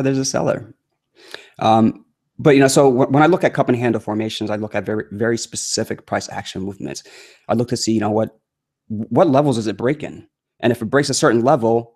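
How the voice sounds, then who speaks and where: A man hosting a casual crypto trading live stream, chatty and full of fillers, his voice going hoarse. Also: mid-range voice, darkish tone. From United States. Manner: chatty, many fillers, reads announcements aloud with annoyance. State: losing his voice. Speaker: crypto trading livestream host.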